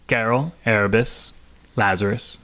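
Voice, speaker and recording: A man's voice: fairly low pitch, measured pace, sharp tone. A man voicing a stern female druid guardian of the fey woods, speaking in formal proclamations. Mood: solemn.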